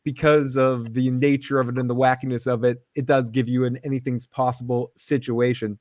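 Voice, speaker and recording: A laid-back man chatting on a call-in stream with blunt, joking remarks. His mid-pitched voice sounds dry and close. He speaks in an easy, unhurried way. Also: level tone, a little mellow, no room sound. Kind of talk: casual call-in chat.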